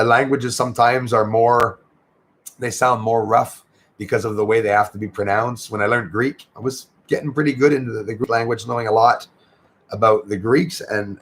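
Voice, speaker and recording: A man with a gravelly, fry-edged voice in the middle of the male range, hosting a relaxed livestream. He talks in a loose, chatty way, reads viewer comments aloud, thanks people by name and drifts into French greetings now and then. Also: mid-range voice. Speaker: livestream host. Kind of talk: casual livestream chat. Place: home in Canada near the Michigan border.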